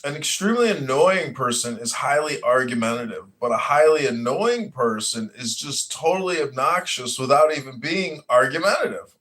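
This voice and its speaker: A man hosting a podcast in casual chat, animated, swearing and acting out what others said. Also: medium pitch, normal speed. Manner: animated, swears, acts out quotes loudly. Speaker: podcast host.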